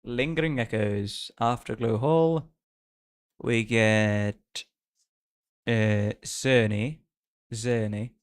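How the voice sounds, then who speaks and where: A man's voice: mid-range voice, extremely slow, long pauses, clean tone. A man streaming a story game, chatting casually in a playful, self-mocking way and laughing often. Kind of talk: casual live-stream chat while reading a game story.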